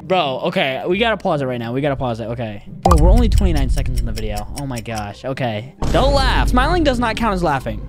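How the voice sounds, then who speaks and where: A man's voice: mid-range voice, sing-song, fast talker, hardly any pauses, over loud music. A man hosting a reaction video, chatting casually, exclaiming often and holding back laughter.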